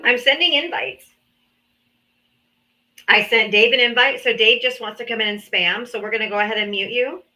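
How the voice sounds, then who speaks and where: A woman's voice: a little high, normal speed, long pauses, pushed and bright. A woman hosting a live political debate stream, talking casually in a teasing, sarcastic way and talking down to people in the chat. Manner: teasing, sarcastic, talks down to commenters. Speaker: livestream debate host. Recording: dull lo-fi stream audio.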